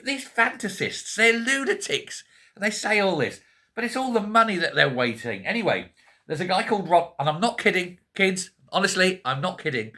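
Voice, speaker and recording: Scottish male vlogger, fairly high voice, chatty and wry, keeps correcting himself mid-sentence. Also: pushed and bright. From Scotland. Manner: chatty, joking asides, self-correcting. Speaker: political vlogger. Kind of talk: casual rambling commentary to camera. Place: quiet home.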